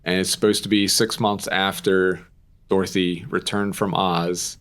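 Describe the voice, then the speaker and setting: Chatty low-voiced young man co-hosting. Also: little pitch movement, unhurried, fairly bright tone. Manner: chatty, rambling, with frequent "like" and casual swearing. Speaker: podcast co-host. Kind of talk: casual chat.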